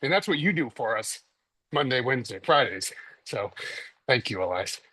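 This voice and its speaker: A man's voice: medium pitch, animated, moderate pace, bright, forceful tone, slightly rough, no echo. A man on a group video call, out of breath from walking on a treadmill while he talks. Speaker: coaching call participant.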